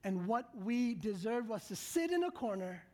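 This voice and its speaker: A woman preaching a sermon, talking straight to her congregation and swinging from loud, emphatic lines to hushed whispers. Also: on the high side, very animated, normal speed. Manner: earnest, direct address to the congregation.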